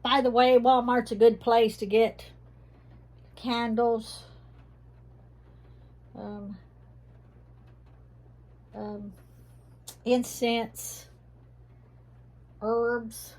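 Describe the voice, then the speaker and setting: A woman's voice: fairly high pitch, level tone, a little mellow, slight background noise. A woman with a mixed Texas and Tennessee Southern accent, chatting casually at home in a vlog about her herb shelf. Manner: chatty, rambling, says she talks fast. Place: indoors at home, rain outside.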